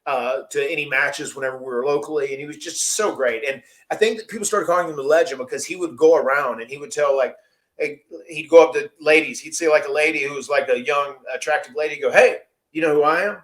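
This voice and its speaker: A man's voice: fairly high pitch, quick pace, fairly bright tone. A man hosting a podcast, telling a long story casually, rambling and laughing often. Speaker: podcast host.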